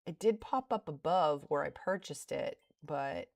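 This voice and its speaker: A woman's voice: sits low, expressive, a little slow. A middle-aged woman streaming her day trading, thinking aloud in a casual, self-deprecating way as she reviews her trades at a home desk. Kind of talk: casual livestream commentary.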